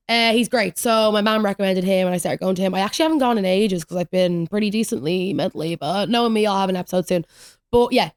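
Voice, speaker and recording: A woman's voice: mid-range voice, no echo, clean studio sound. A young woman, hosting a podcast and rambling through stories in chatty, casual talk. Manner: chatty, rambling storytelling with lots of "like". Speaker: podcast host. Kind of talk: solo podcast rant, casual chat.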